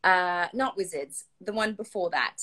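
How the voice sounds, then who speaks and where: A woman's voice: on the low side, a little slow, sharp tone. A woman hosting a casual interview chat, enthusiastic and gushing, laughing often between questions. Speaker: host.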